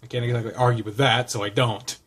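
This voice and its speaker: A man's voice: mid-range voice, level tone, fast, a bit bright, husky. A man reading a visual novel aloud in casual narration, with swearing and offhand asides.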